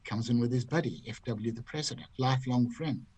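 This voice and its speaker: An older man from Zimbabwe telling golf stories in a lively, theatrical way. His voice sits at an ordinary middle pitch, and he throws in little impressions of the people in his tales. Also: a little fast, breathy edge, no room sound, rough recording. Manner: lively raconteur who acts out other people's voices. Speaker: guest, golf commentator. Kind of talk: anecdotal storytelling.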